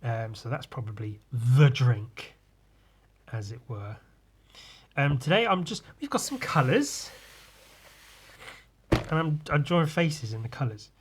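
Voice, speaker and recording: A man's voice: medium pitch, lively intonation, measured pace, pauses often, slight background noise. A man hosting a solo podcast, tipsy from drinking and rambling loosely, often trailing off and restarting. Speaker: podcast host. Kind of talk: rambling casual monologue.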